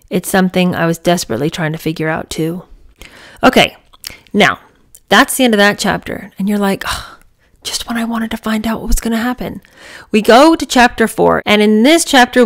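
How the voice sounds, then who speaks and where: A woman reads chapters of a memoir aloud, then stops to share her reactions. She talks in a chatty, enthusiastic way with plenty of fillers between the read passages. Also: on the low side. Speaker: book reader and reviewer. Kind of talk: memoir reading with casual commentary.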